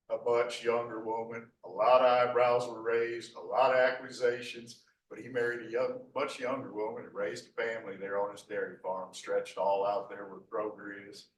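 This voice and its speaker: A middle-aged man talks his way through a slide lecture, folksy and rambling. His voice sits fairly low and comes from a distance in a roomy, echoing hall with faint background hum. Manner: folksy, rambling, full of 'uh' restarts. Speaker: local history lecturer. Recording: echoey hall from far off.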